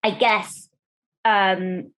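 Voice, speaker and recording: A woman's voice: mid-range voice, very slow. A woman from Germany, a guest on an interview show, talking candidly and with animation about her life. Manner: animated, chatty, acts out quoted voices. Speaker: guest, disability rights campaigner.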